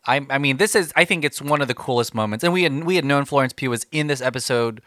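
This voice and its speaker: A man co-hosting a casual chat, talking in halting bursts with many restarts and eager enthusiasm. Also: medium pitch, fairly bright tone, no room sound, clean studio sound. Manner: halting, restarts often, enthusiastic fan talk. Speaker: podcast co-host.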